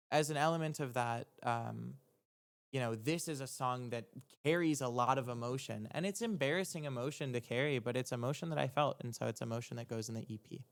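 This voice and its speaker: A young man, a music producer, talking casually on a livestream as he breaks down his own track, rambling and halting with lots of ums, restarts and casual swearing. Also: mid-range voice, clear, resonant tone. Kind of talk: casual explanatory livestream talk.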